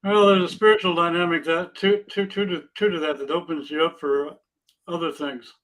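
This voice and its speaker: A man's voice: fairly high pitch, steady tone, moderate pace, fairly bright tone, poor audio. A man in his sixties, a podcast guest, speaking earnestly and plainly about his life and his faith. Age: 60s. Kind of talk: casual interview chat.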